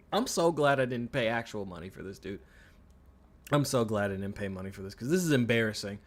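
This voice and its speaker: A man's voice: lowish voice, expressive, brisk. A man streaming a video game, ranting in frustration with lots of swearing and restarted sentences. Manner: exasperated ranting, heavy swearing; repeats himself, trailing restarts. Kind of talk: live gameplay commentary.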